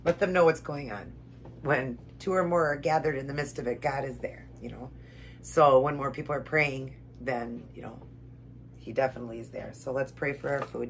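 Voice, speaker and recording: A woman's voice: extremely low pitch, normal speed, slight background noise. A woman vlogger praying and reading scripture, earnest and emotional, repeating herself as she talks to viewers at home. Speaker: keto vlogger. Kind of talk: emotional devotional vlog with prayer and eating.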